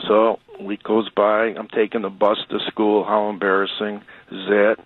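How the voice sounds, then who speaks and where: A man's voice: on the low side, monotone, normal speed. A man from Chicago calling in to a radio show, telling a long rambling story with many restarts. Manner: chatty, rambling, frequent restarts. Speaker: radio caller. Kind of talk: casual storytelling. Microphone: phone. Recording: tinny phone line.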